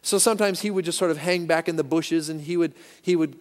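A pastor with a slightly high voice preaches emphatically at a quick clip, barely pausing as he leads his congregation in call-and-response. The recording carries an echoey hall reverb.

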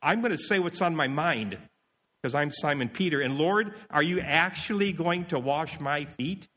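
A man's voice: a little high, normal speed, sharp tone, in a large hall, pitched above the performer's own voice. A man doing an anxious questioning disciple. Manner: raised, questioning tone.

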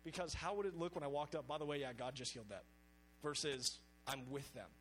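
A young man gives a sermon built around a personal story, earnest and animated as he acts out his own inner dialogue. His voice sits a little high for a man, and a faint hum runs underneath. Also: a little fast, rough recording. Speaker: preacher.

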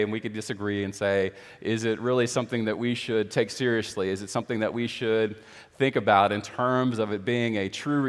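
A man's voice: medium pitch, big-room sound. A male pastor giving a conversational sermon, with frequent fillers and rhetorical questions to the congregation.

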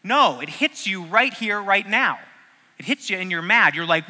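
Male preacher, fairly high and very bright voice, conversational and jokey, long hall reverb. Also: expressive, moderate pace. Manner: joking, conversational, asks the audience questions. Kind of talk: casual teaching sermon.

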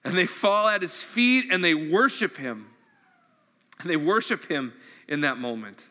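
Bright-voiced enthusiastic pastor in a hall. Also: male voice, on the high side, expressive, a little slow. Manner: enthusiastic and conversational, asks the audience questions. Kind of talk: sermon with scripture reading. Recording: long hall reverb.

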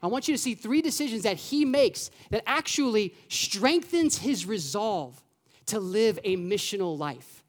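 A pastor preaching a sermon to a church congregation in a lively, conversational way, with rhetorical questions, casual fillers and quick asides. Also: medium pitch. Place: church sanctuary.

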